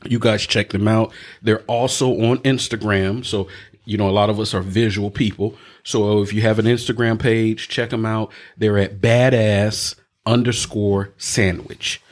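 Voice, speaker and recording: A man's voice: lowish voice, fairly even intonation, unhurried. A man hosting a podcast in casual chat, rambling with many fillers and laughing often. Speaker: podcast host.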